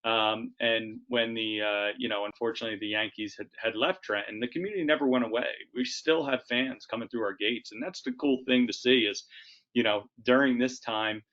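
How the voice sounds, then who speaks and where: A man's voice: medium pitch, steady tone, fairly quick, fairly bright tone. A man who leads a sports team, answering earnestly with frequent fillers. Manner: earnest, many "you know" and "um". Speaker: team president. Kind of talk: conversational answer. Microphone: video call. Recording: dull video-call audio.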